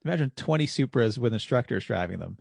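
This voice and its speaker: Gravelly man telling a track story. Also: medium pitch, fast, no echo. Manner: storytelling, animated when quoting people. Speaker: podcast co-host and driving instructor. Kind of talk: casual chat.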